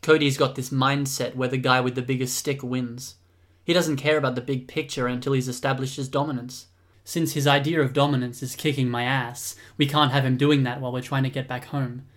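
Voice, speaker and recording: A man reading aloud and voicing a stubborn, calculating young man who speaks with quiet menace in a storybook reading. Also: medium pitch, level tone, fairly quick, lightly acted. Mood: lecturing. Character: stubborn, cold, calculating young male leader.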